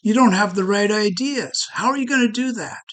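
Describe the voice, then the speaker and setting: A man's voice: high-pitched, normal speed, a bit bright, voice pushed up. A man voicing mocking warrior brothers who scoff at the boy's plan. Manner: scoffing, doubtful.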